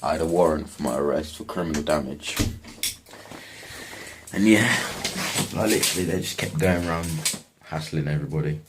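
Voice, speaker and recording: A man's voice: a bass voice, normal speed, long pauses, noisy background. A young man casually telling a story from his life, slangy and swearing often. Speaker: vlogger.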